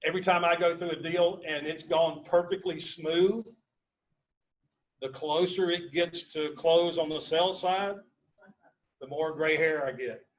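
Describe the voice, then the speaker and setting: A man's voice: a little high, steady tone, measured pace, lo-fi sound. A man teaching real estate investing at a live seminar, telling stories and hammering home his points by repeating them. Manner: storytelling, emphatic, repeats key points. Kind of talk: live seminar talk to a room and online audience. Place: seminar room with live audience.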